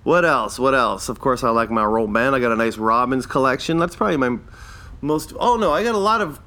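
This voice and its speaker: A man's voice: medium pitch, fairly quick, sharp tone. A man in his fifties from Canada, hosting a casual solo podcast and rambling through his life in a loose, self-deprecating way. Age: 50s. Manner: rambling, self-deprecating, chuckles at own jokes. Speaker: podcast host.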